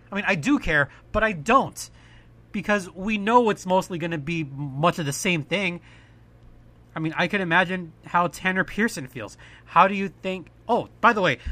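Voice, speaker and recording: A man with a bright, forceful, somewhat higher voice delivers an impassioned solo podcast rant. He keeps circling back with "I mean" and presses his points hard. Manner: impassioned, ranting, repeats "I mean" often. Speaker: podcast host.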